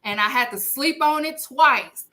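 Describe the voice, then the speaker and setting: Woman, podcast co-host, playful emphatic announcing, fairly high voice, unhurried. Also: pushed and bright. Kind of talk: casual podcast chat.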